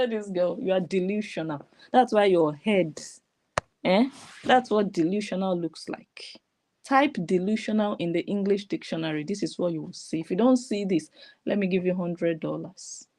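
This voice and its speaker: A woman's voice: on the low side, moderate pace, a little mellow. Mocking woman commentator. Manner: mocking and scolding. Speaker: online commentator. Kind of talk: reaction commentary.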